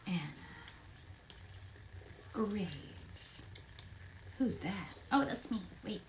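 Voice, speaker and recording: A chatty, playful woman from Tennessee talks from her home into a desk microphone. Her pitch sits in a middle range. There is a faint hiss behind her voice. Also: animated, extremely slow, long pauses, poor audio. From Tennessee, USA. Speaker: voice actress signing autographs live. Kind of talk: casual livestream chat. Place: home, near her recording booth.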